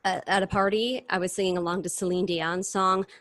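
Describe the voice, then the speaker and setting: A woman in her thirties talks over a video call, easy and chatty, spilling out stories with lively energy. Her voice sits mid-range and sounds close and dry, with no room around it. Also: medium pitch, a little fast, no room sound. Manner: chatty, animated storyteller. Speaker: guest performer. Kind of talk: casual interview chat.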